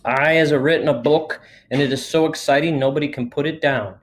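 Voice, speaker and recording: A man reading a children's book aloud in a lively storytelling manner. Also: on the high side, fairly quick, slight background noise. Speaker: reader.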